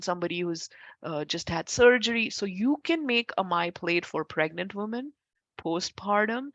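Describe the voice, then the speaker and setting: A woman's voice: mid-range voice, no echo. Chatty woman teaching an online class. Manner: chatty, self-correcting, warm asides to students. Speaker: Ayurveda instructor. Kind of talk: informal class lecture.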